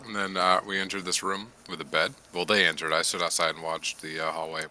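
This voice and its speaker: A man's voice: low-pitched, little pitch movement, brisk, pushed and bright, slight background noise. A man casually and animatedly recapping a tabletop game session, joking and swearing freely. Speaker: player.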